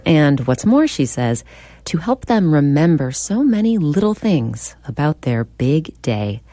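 Woman, radio reporter, scripted feature narration, very low pitch, animated melody. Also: a little slow, no echo.

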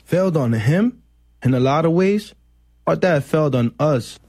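Mellow young man narrating his own story. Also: a little high, animated, moderate pace, no echo, studio quality. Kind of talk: scripted documentary narration.

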